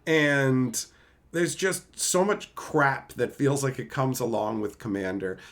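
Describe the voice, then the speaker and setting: A man streaming live, talking casually and profanely, mocking people and building into loud, shouted rants. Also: mid-range voice, takes it slowly. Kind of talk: casual livestream rant.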